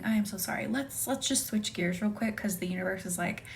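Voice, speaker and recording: A young woman hosting a live Reiki stream, chatting casually with viewers by name and often dropping into a soft whisper. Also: medium pitch, fairly even intonation, fast talker, gravelly, few pauses, a little hiss or hum. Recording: faint music behind.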